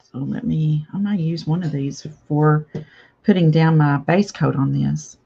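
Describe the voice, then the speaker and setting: Chatty older woman, slow lo-fi. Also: sits low, gravelly, warm tone, breathy edge. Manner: chatty, reads viewer comments aloud, laughs often. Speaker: craft channel host. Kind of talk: casual live craft chat.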